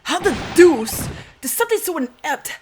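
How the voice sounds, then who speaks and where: A woman voicing an eccentric, theatrical gentleman detective who speaks in quick, grandiose exclamations over game music. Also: very high voice, sing-song, pitched above the performer's own voice. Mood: incredulous.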